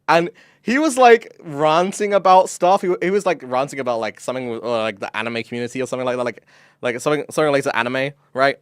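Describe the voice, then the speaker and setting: Excitable young man chatting on stream. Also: a little high, no echo, studio quality. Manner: excitable, swears, lots of fillers and laughs. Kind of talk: casual stream chat.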